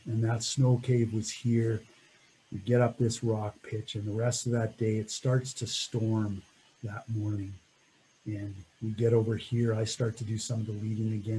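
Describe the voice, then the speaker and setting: Mellow-voiced man recounting a climb. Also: lowish voice, slight background noise, low-quality recording. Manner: reflective, laughs often, trails off. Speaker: mountaineer telling a climbing story. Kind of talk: storytelling talk over slides.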